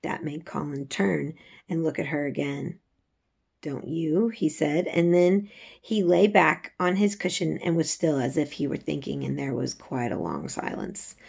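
A woman reading a novel aloud in a measured storytelling manner. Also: sits low, expressive, vocal fry, darkish tone, breathy edge. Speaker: reader.

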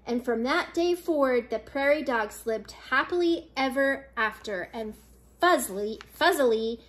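An older woman, a grandmother, reading a children's picture book aloud with lively, expressive narration. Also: high voice, a little slow. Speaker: storybook reader.

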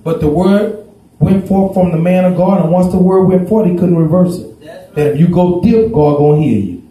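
A pastor preaching a folksy, story-driven sermon that swells into shouts. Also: male voice, high voice, moderate pace. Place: church sanctuary. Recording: echoey church room.

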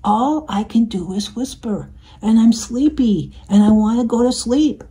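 Storybook bunny, small and sleepy, soft-spoken, pleading, woman voicing. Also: fairly high pitch, measured pace, natural voice. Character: sleepy little boy rabbit, wistful.

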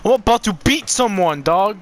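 A man commenting on his own gameplay, swearing a lot and swinging between loud outbursts and low muttering. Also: lively intonation, moderate pace. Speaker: gamer.

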